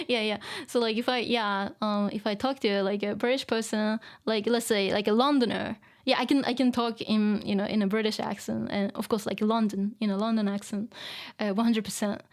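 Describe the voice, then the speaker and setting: A woman's voice: mid-range voice, steady tone, moderate pace. A woman whose first language is Japanese, chatting casually on a live stream, reading out viewer comments, laughing often and using many fillers.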